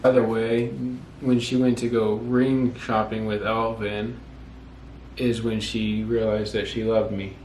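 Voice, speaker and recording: A man's voice: on the low side, flat delivery, a little slow, a little mellow. A young man in his twenties casually telling how he and his wife got engaged, rambling and correcting himself as he goes. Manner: rambling, self-correcting, quotes himself often. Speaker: vlogger telling couple's story. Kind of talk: casual storytelling. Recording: echoey room with faint noise.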